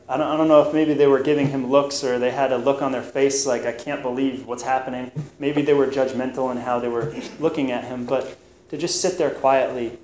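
A man preaches a sermon on scripture with a medium-pitched voice. He talks earnestly, stumbling and restarting as he goes. The recording is roomy and echoey, with a faint hum of noise behind him. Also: darkish tone. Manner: earnest, halting, with frequent restarts.

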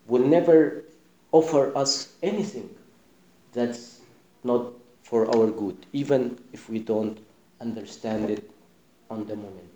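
A man preaches with passion, his voice sitting slightly high for a man. He swings from hushed, tender phrases to loud, ringing ones. The sound bounces around a roomy church hall. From Sudan. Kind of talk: sermon.

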